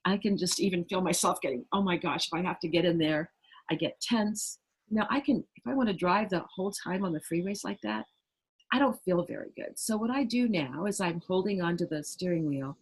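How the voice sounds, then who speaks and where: Husky woman guest talking earnest and warm-paced, acts out little quotes, kinda low voice. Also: fairly quick, poor audio. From United States. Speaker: guest, trauma resilience trainer. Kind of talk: conversational interview explanation.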